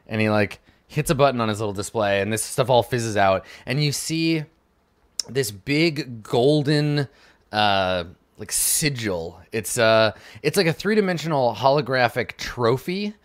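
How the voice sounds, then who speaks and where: A man narrating as game master in a tabletop game, halting and full of fillers. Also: medium pitch, lively intonation.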